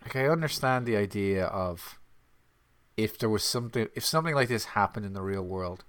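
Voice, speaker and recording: A man's voice: fairly low pitch, lively intonation, a little fast, a bit bright. A man co-hosting a casual film commentary, sarcastic and exasperated, often mimicking the characters.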